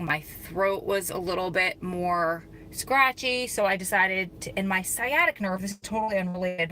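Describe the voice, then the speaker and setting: A woman live-streams from her parked car, talking casually and greeting viewers by name. Her voice is bright and forward, with a slightly scratchy throat. A faint hum of noise sits behind her. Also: medium pitch. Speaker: vlogger hosting a live stream. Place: parked car in a parking lot.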